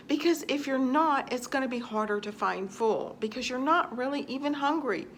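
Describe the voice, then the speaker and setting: Woman vlogger, slightly high voice, casual, earnest, repeats for emphasis. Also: fairly bright tone, slight background noise. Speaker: vlogger answering viewer questions. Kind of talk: casual advice talk to camera.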